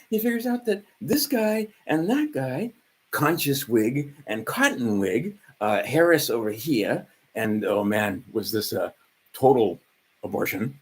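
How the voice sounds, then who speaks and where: A man's voice: fairly high pitch, breathy edge, rough recording. A man of around 60 from Hawaii, rambling through a profane vlog monologue full of fillers and asides. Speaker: vlogger.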